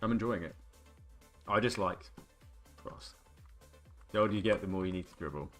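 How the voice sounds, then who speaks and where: Lower-voiced man bantering with his stream chat. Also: moderate pace, fairly bright tone, faint music behind. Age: 20s. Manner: joking, rambling banter with chat. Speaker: game streamer. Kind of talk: casual live-stream chat.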